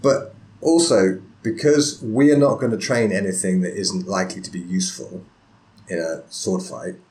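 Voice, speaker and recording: Guy hosting a podcast, lowish voice, thinks out loud, rambles a bit. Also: normal speed. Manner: thoughtful, rambling, many restarts and "right?". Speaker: podcast host. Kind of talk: casual interview chat.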